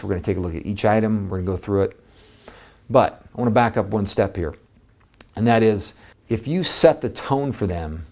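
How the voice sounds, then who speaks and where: A man giving an energetic, conversational coaching talk to real estate agents, speaking with emphasis. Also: on the low side.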